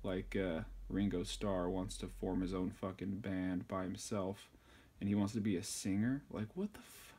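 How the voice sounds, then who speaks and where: A man's voice: sits low, little pitch movement, unhurried, dark tone, slightly rough. A man giving a crude, insulting, rambling comedic tutorial on sewing a button. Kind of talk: profane comedic tutorial rant.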